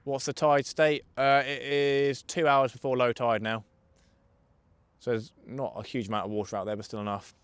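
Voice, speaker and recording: A man's voice: mid-range voice, little pitch movement, normal speed, clean tone, no room sound. A young man, chatting casually on a livestream while fishing from a riverbank, joking and answering viewers' questions. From England. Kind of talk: casual live fishing commentary. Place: outdoors on a riverbank.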